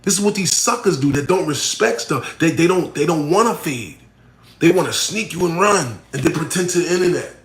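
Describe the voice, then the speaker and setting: A man, a battle rapper, talking casually to camera and answering a fan's question. He is blunt, repeats himself and swings between loud emphatic points and muttered asides. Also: on the high side, expressive, brisk. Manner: blunt, repeats himself, full of "you know what I'm saying" and "right?". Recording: echoey room.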